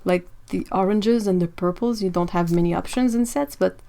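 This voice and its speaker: A woman hosting a live-streamed art supply unboxing, excitable and chatty, talking to her viewers as she goes. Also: on the low side, normal speed, creaky. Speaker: art channel host.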